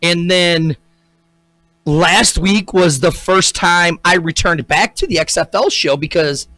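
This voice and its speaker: A man's voice: high voice, takes it slowly, bright, forceful tone, no room sound. A man co-hosting a casual talk show, telling a rambling story with lots of restarts. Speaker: co-host. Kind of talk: casual chat.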